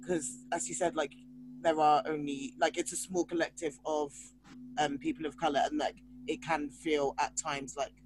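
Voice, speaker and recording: A man interviewing guests, asking gentle, probing questions. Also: on the high side, level tone, normal speed, noisy background.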